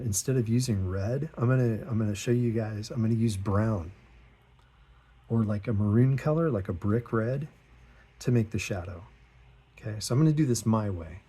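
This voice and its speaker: A middle-aged man hosting an art channel, chatting in a relaxed, rambling, self-deprecating way while he draws, often chuckling and acting out what others said in a higher voice. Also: husky. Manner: acts out quoted remarks in a higher voice. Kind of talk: relaxed chat while drawing.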